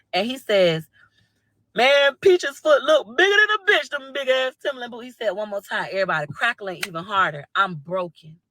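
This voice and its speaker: Woman on a phone live, bright sharp voice, dry close sound, cussing and acting out what people said. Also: fairly low pitch, no room sound. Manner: blunt, profane, animated retelling with acted-out quotes. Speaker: TikTok live streamer. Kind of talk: casual storytelling to live viewers.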